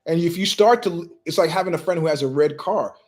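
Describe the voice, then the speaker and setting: A man hosts his own show in a rambling, storytelling monologue from his living room. His voice sits a little higher than most men's. He slips into the voices of the people he quotes. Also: brisk. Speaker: show host.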